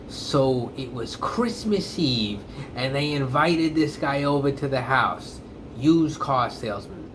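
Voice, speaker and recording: Brief: man, slow deliberate delivery, blunt emphatic monologue commentator. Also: medium pitch, background noise. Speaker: comedic commentator. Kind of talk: opinionated monologue to camera.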